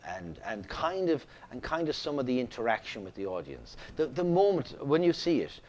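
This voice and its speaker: Middle-aged Irish actor, chatty guest, animated and rambling. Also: male voice, medium pitch, normal speed, a little hiss or hum. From Ireland. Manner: animated storyteller, many restarts. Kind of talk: casual interview chat.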